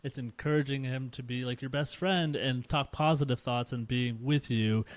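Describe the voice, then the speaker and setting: A man's voice: mid-range voice, moderate pace, no echo. A man hosting a podcast, sharing candidly in casual conversation. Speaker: podcast host. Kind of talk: casual chat.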